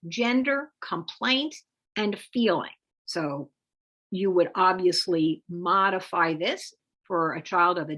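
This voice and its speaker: Husky-voiced woman teaching calmly. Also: lowish voice. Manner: measured, explanatory delivery with occasional lively emphasis. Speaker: parenting coach presenting a webinar. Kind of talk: instructional talk with demonstration phrases.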